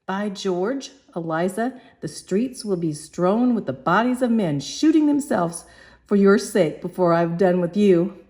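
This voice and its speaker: A woman's voice: medium pitch, expressive, unhurried, darkish tone, lightly acted. A woman voicing a pompous, bossy male professor who talks in a brusque, lofty manner.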